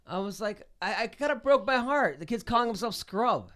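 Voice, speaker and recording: A man's voice: sits high, animated, brisk, hardly any pauses, fairly bright tone. A man co-hosting a podcast, telling rambling, profane, jokey stories in casual chat. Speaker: podcast co-host and comedian; youth wrestling coach.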